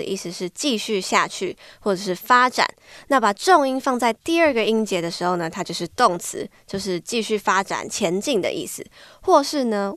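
A woman's voice: medium pitch, a bit bright, no echo, clean studio sound. A woman co-hosting a language-learning show, explaining English words in a friendly, step-by-step way. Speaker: co-host and Mandarin explainer. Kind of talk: bilingual vocabulary explanation.

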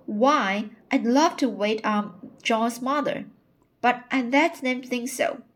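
A woman's voice: a little high, takes it slowly, a bit bright, pitched above the performer's own voice. A woman reading the part of a tearful forty-year-old spinster woman, plainspoken and aggrieved as she pours out her complaints.

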